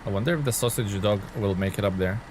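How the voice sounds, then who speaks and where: A male streamer with a fairly low voice talks his way through a live gameplay session, greeting viewers and reacting as he drives. His tone stays casual and chatty throughout. A faint background hum sits under his voice. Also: quick pace. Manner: chatty, greets and thanks chat while playing. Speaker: game streamer.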